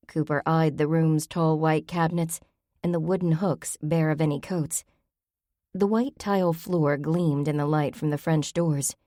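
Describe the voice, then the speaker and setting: A woman narrating an audiobook in a steady, measured way. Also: sits low, no echo, clean studio sound.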